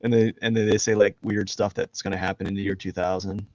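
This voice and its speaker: A man's voice: fairly low pitch, flat delivery, fast talker, a little mellow, no echo. A man chatting casually on a live drawing stream, rambling and jokey, laughing at himself. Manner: rambling, jokey, self-deprecating, laughs a lot. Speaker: streaming artist. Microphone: headphones and desk mic.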